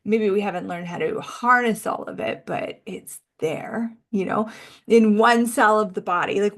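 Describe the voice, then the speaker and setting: A woman's voice: mid-range voice, fairly bright tone. Musing woman coaching on overwhelm. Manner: musing, conversational, uses "like" a lot. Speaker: podcast host and energy coach. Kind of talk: reflective self-help monologue.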